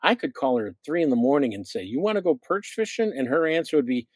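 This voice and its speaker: Veteran radio host, male, Midwest-raised, expressive storyteller, dry studio sound. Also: on the high side, fast talker, dry recording. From American Midwest. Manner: animated storyteller acting out quotes. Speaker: radio show host, guest. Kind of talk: casual storytelling chat.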